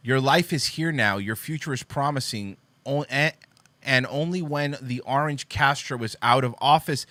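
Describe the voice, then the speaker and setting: Sarcastic, bright-voiced male commentator. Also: mid-range voice, moderate pace, no echo. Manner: sarcastic and profane, reading posts aloud and mocking them. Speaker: host. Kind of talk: political commentary show.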